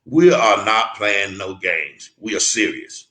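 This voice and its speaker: A man's voice: lowish voice, lively intonation, slow pace, sharp tone, reverberant, poor audio. A man interviewed as a mentor, talking earnestly and emphatically, often restarting and repeating words. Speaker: guest mentor.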